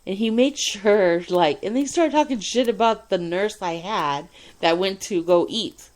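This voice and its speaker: A woman telling a personal hospital story in a casual, animated way, swearing often and laughing between lines. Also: mid-range voice, a little slow. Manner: animated, profane, frequent laughs and fillers. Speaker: radio show host telling a personal story.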